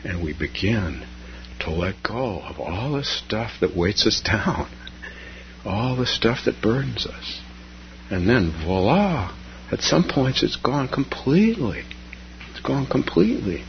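A man teaching as a Zen teacher in a gentle, storytelling dharma talk, repeating key phrases softly. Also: fairly low pitch, lively intonation, slow, lo-fi sound, a little hiss or hum.

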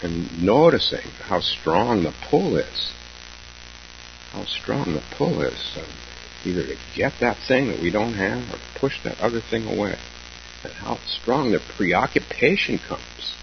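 Low-voiced man giving a slow Zen talk. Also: very animated, gravelly. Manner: slow, halting, reflective with pauses and soft laughs. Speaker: Zen teacher. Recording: dull lo-fi recording with faint hum.

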